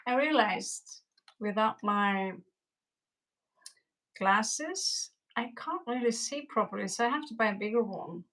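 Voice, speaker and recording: A woman's voice: fairly high pitch, expressive, slow pace, long pauses, fairly bright tone, low-quality recording. A woman doing a casual, rambling live-stream tarot reading, chatting with viewers and greeting them in Spanish. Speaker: tarot reader.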